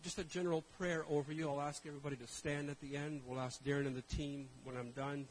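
A man preaching a sermon, telling stories in an animated way and calling out to the congregation. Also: on the high side, fast talker, slight background noise, rough recording. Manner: animated storytelling, calls to the congregation. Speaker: pastor.

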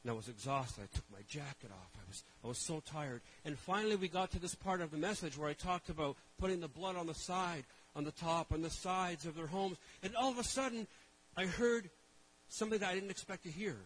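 A man preaching as a pastor, telling a story with animated shifts from hushed asides to loud outbursts. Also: a little high, brisk, husky, low-quality recording. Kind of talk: sermon storytelling.

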